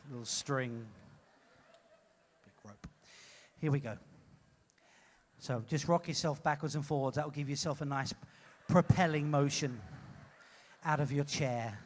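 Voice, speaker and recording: A man hosting a live comedy show, teasing an audience member in a playful, loud way. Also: a little high. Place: cruise ship theater stage.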